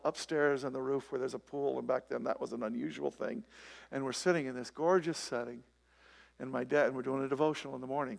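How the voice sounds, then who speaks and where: Gravelly-voiced man preaching a sermon. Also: medium pitch. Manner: conversational preaching with many rhetorical questions. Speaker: pastor. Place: church, before a live congregation.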